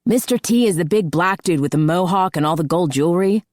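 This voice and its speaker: A male hockey player who loves to needle people with mocking trash talk, voiced by a woman narrator. The voice is low and dry, recorded close. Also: animated, brisk, a little mellow, no echo, lightly acted. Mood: teasing.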